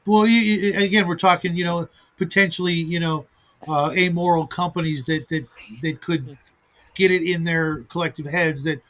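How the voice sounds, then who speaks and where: A man hosting a relaxed group conversation. His voice sits a little high, and he thinks aloud and circles back on his words. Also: moderate pace. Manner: rambling, with many restarts. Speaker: host. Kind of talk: casual chat.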